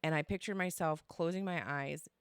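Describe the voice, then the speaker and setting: A woman co-hosting a podcast, telling a story in casual chat, animated and quoting others as she goes. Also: sits low, moderate pace, smooth, no room sound, studio quality. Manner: animated, quotes others, swears and laughs. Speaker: podcast co-host.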